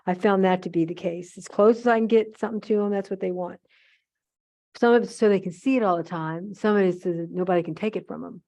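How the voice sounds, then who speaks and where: A woman's voice: mid-range voice, fast talker, darkish tone. An older woman from the United States, a chatty storyteller who acts out the other voices while she demonstrates a craft. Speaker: craft demonstrator at a museum holiday event.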